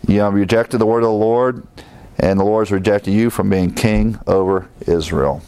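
A man's voice: lowish voice, steady tone, moderate pace, mellow, clear, resonant tone. A man leading an evening Bible study as pastor, reading passages aloud and breaking in with plain-spoken comments.

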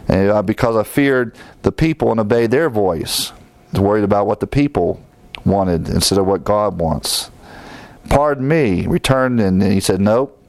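A man's voice: lowish voice, darkish tone, no room sound. A man leading an evening Bible study as pastor, reading passages aloud and breaking in with plain-spoken comments.

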